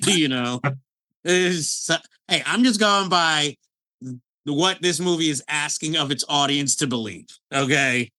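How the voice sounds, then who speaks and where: A man with a high, very lively voice and a bright, sharp edge talks through a film in a relaxed podcast chat. He is animated, laughs often and keeps breaking off to restart his sentences. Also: slow pace. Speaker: podcast co-host. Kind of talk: casual film review chat.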